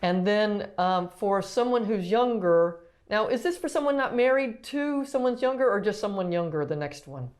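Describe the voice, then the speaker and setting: A woman's voice: medium pitch, animated, moderate pace, hardly any pauses, a little mellow. A woman pediatric therapist talks through a casual lesson, stopping often to ask questions. She hesitates and restarts her sentences, filling the gaps with ums. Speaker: pediatric physical therapist teaching.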